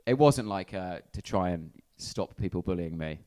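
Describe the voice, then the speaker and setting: A man's voice: deep voice, lively intonation, normal speed, warm tone. A young man from England, a comedian being interviewed, talking casually in a rambling, self-deprecating way before a live audience. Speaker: comedian guest. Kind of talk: casual chat.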